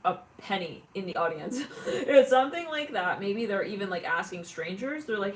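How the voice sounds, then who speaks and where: A woman's voice: medium pitch, expressive, moderate pace, few pauses. A woman giving a casual tarot reading, chatty and giggly, often acting out imagined callers. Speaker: tarot reader.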